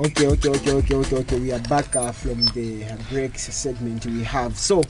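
A young man hosting a radio show in a casual, steady way, repeating himself and talking straight to his listeners. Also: medium pitch, brisk, loud music behind the voice. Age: young adult. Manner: repetitive, steady, addresses listeners directly.

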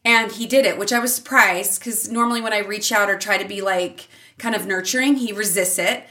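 A middle-aged woman, a mother and teacher, telling a family story as a podcast guest, animated and laughing often, with big leaps in pitch when she quotes herself. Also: fairly quick, far from the mic. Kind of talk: casual storytelling in an interview.

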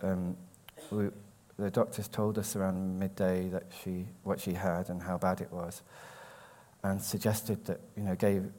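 An English man, a poet, reading his poems slowly and carefully, with hesitant, halting talk between them. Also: low voice, warm tone. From England. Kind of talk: poetry reading with spoken introductions.

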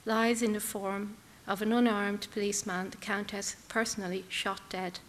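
A woman reading literary prose aloud in measured, intense, clipped phrases. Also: medium pitch, flat delivery, in a large hall, slight background noise. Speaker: reader.

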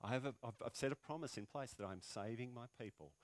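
A man pastor preaching a sermon in a conversational way, full of rhetorical questions. He moves between loud, emphatic lines and quiet, low passages. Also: fast talker, no echo.

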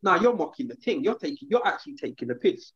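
A man's voice: on the high side, very animated, quick pace, a bit bright, muffled recording. A man co-hosting a podcast, talking in a casual, emphatic and indignant way with street slang. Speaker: podcast co-host.

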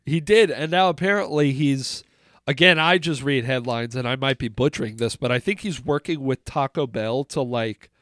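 A man's voice: mid-range voice, normal speed, a bit bright, no room sound, studio quality. A man co-hosting a podcast with a stuffed-up nose, joking, swearing and laughing often in casual chat. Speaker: podcast co-host. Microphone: studio mic, on camera.

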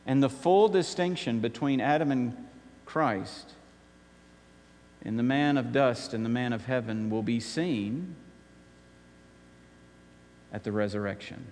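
A man preaching a sermon with emphasis, repeating key phrases and swinging between loud and soft. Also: medium pitch, unhurried, long reverb tail. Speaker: pastor.

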